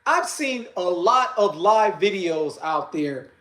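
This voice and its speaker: A man hosting a casual boxing livestream, talking haltingly with many fillers and restarts and greeting viewers by name. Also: sits high, expressive, a bit bright, echoey room, rough recording. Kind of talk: casual live-stream talk.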